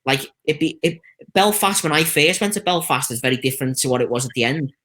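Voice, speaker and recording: A man's slightly high voice comes fast, with a Liverpool accent. As a stuntman guest in a casual interview, he spins lively, chatty anecdotes and quotes the voices of the people in them.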